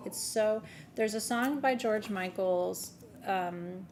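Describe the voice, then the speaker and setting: Gravelly-voiced woman gushing on a live stream. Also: mid-range voice, takes it slowly, a little mellow, slight background noise. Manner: gushing, chatty, swears, laughs easily. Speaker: host of a live gem sale. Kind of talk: casual live-stream chat.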